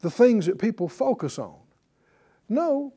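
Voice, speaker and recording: A man's voice: sits high, very animated, a little slow, dark tone, husky. A man teaching a Bible class in a preaching style, repeating key words and calling on the class to answer. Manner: emphatic, repeats key words, calls for responses.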